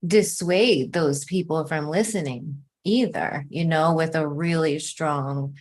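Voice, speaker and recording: A woman co-hosting a casual spiritual talk show over a video call, unhurried and agreeable. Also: sits low, a little mellow. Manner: unhurried, agreeable, laughs along. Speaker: podcast co-host.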